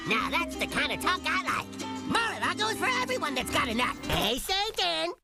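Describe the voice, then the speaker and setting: A man voicing a brash, scheming cartoon president with a pushy salesman's patter in an animated comedy clip. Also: very high-pitched, moderate pace, vocal fry, heavily acted. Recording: clip played with music behind.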